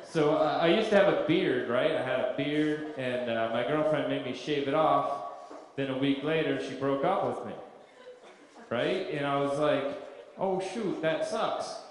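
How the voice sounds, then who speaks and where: A man performing a stand-up comedy set on a club stage, telling stories in a deadpan way with absurd punchlines. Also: mid-range voice, moderate pace. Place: comedy club stage before a live audience. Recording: echoey club with crowd laughter. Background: audience laughter.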